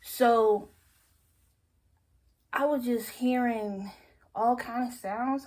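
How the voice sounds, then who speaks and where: A young woman vlogger telling a story time tale, acting out her own hushed reactions as she goes. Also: fairly high pitch, animated, extremely slow, pauses often.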